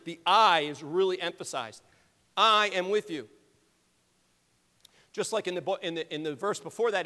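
High-voiced male preacher in a reverberant hall. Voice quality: earnest, emphatic preaching with rhetorical questions. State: keeps clearing his throat. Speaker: pastor. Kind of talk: sermon. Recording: long reverb of a large hall.

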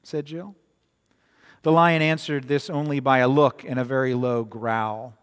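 A man's voice: mid-range voice, fairly even intonation, moderate pace, clear, resonant tone. A man preaching a sermon in a conversational way, often repeating words and checking in with "right?", in a long-reverb hall. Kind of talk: sermon with storytelling.

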